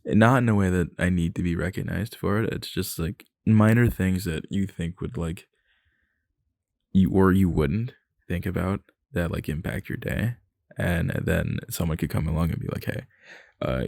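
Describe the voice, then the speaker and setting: A young man with a very low, gravelly voice rambles through an ASMR boyfriend role-play. He talks nervously, laughs and swears as he goes. His voice sits close on the mic in a dry, dead room. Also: a little mellow, no echo.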